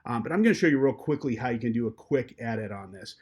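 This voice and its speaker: A man gives a screen-recorded audio editing lesson at a mid pitch, talking in a loose, easygoing way. He leans on lots of fillers and restarts as he walks through each step for his students. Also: fast, husky. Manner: relaxed, with frequent fillers. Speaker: journalism instructor. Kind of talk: screen-recorded software tutorial.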